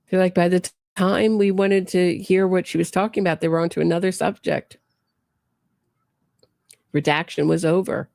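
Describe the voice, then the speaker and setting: A woman hosts a true crime show, delivering incredulous, sarcastic commentary and firing off pointed questions. Her voice is dark with a gravelly creak, recorded close and dry. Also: on the low side, level tone, moderate pace, pauses often, no echo. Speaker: true crime podcast host.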